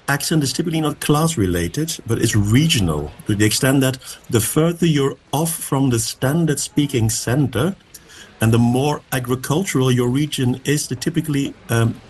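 A man's voice: medium pitch, a little hiss or hum. A Flemish man, a native Dutch speaker, speaking English in a wry, thoughtful way as a radio guest. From Flanders, Belgium. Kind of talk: radio discussion.

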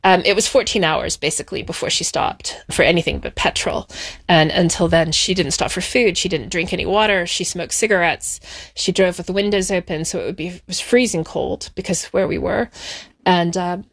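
Woman calmly recounting a hard childhood. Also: lowish voice, creaky. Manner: measured, reflective storytelling, slowing on painful moments. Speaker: interview guest. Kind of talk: personal recollection in interview.

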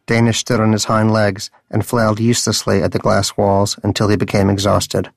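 A man reading a story aloud in a dry, deadpan narrating style. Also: on the low side, normal speed, vocal fry, hardly any pauses, dry recording, faint music behind. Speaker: audiobook narrator. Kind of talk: scripted narration.

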